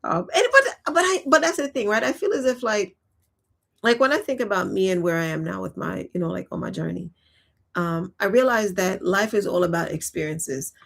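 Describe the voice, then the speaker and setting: A woman's voice: mid-range voice, normal speed, creaky, husky. A woman in her thirties chatting to camera in a casual, reflective way, laughing often and using many fillers. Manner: talks while eating and sipping. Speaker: vlogger.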